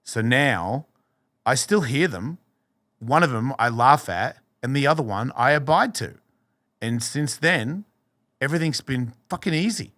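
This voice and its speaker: He speaks at medium pitch, a little slowly, with no room sound. The middle-aged podcast guest frankly relates a personal tale, cursing freely and animatedly voicing the people in it.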